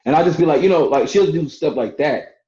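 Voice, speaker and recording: Speaking as a guest in a casual podcast conversation, a man who works as a barber and entrepreneur discusses his marriage in a loose way, full of fillers and restarts. He talks a little fast in a slightly high, mellow voice with lively intonation, over roomy, slightly dull audio.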